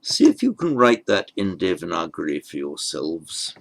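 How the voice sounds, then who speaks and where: A man's voice: low voice, sing-song, moderate pace, creaky. A man giving a patient step-by-step language lesson, spelling out terms carefully with frequent ums and small restarts. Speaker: Sanskrit teacher.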